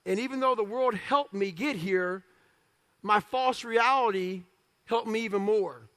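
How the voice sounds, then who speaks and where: A man giving a live motivational speech, telling his life story bluntly and with profanity, acting out the dialogue and breaking into shouts and laughing asides. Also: high-pitched. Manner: lively storyteller who acts out dialogue. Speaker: motivational speaker.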